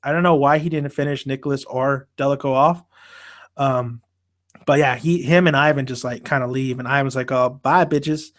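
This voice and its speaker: A man's voice: medium pitch, steady tone, normal speed. A man hosting a casual podcast about an anime, talking animatedly and swearing a lot as he acts out the characters' lines. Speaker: podcast host.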